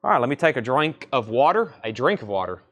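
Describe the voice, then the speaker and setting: A man with a Southern accent hosting a live record sale, listing titles and repeating prices in quick sales patter. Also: mid-range voice, big pitch swings, fairly bright tone. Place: record shop surrounded by crates.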